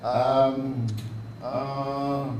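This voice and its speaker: A man's voice: medium pitch, flat delivery, drawn-out words, a little mellow, far from the mic, slight background noise. A man hosting a live show, chatting casually, reading out viewer comments and chuckling along the way. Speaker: show host. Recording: roomy echo.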